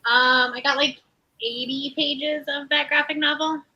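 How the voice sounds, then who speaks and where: A young woman joins a friendly video call chat. Her voice is very bright and high. She sounds laid-back, with wry little asides. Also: fairly even intonation, unhurried, highs cut off, soft background music. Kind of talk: casual chat on a group call.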